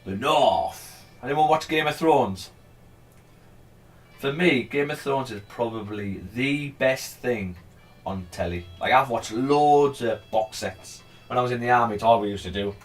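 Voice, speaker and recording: A man's voice: mid-range voice, a little slow, faint music behind. A man giving casual, rambling commentary on a live trading stream. He chats freely, swears now and then, and urges the price on as he goes. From England.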